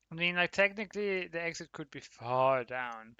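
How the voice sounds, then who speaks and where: Male streamer, slightly high voice, tense and bright tone, casual commentary to chat. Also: expressive, normal speed, hardly any pauses, clear, resonant tone, no echo, muffled recording. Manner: chatty, talks to viewers, laughs often. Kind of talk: casual livestream commentary while gaming.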